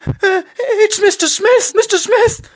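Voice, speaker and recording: A man voicing his frightened teenage self, in a squeaky, high-pitched, tremulous voice. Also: slow. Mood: terrified. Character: frightened teenage boy with a breaking voice.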